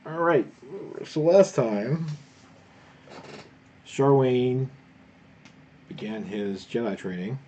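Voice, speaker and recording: Man, game master, slow recap, dark mellow tone, faint hiss. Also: medium pitch, animated. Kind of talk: narrating a tabletop game.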